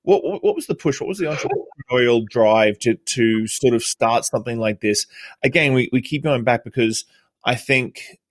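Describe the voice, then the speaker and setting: A man of middle pitch hosting a live-streamed interview, with a dry, close sound. He circles around his questions and rephrases them several times before finishing. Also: lively intonation, moderate pace, no echo. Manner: rambling, repeats questions. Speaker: interviewer, host.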